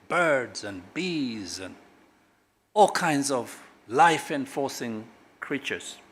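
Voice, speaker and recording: A middle-aged man from Kenya, a government guest speaker at a corporate launch, speaks emphatically and swings sharply between loud and quiet. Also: mid-range voice. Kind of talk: public speech at a corporate launch.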